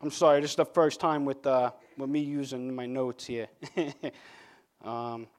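A man's voice: mid-range voice, fairly even intonation, measured pace, darkish tone. A man from Long Island, giving an earnest personal faith testimony and often stumbling and repeating words as he speaks. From Long Island, New York.

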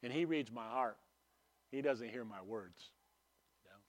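A man preaching a sermon in a conversational way, asking rhetorical questions and swinging between emphatic and hushed delivery. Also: mid-range voice, a little slow.

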